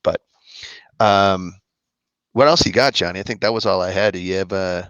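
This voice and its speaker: A man co-hosting a casual live-stream chat, talking in a friendly, rambling way with many halting restarts. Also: sits low, fairly bright tone, smooth, no room sound. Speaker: co-host of a musicians' live chat. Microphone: video call. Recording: dull lo-fi stream audio.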